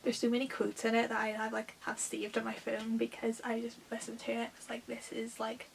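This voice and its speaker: A woman's voice: fairly high pitch, completely flat delivery, a little fast, vocal fry, poor audio. A young woman chatting casually about books she read, with lots of filler words. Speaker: book vlogger. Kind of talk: casual book review chat. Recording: faint hiss.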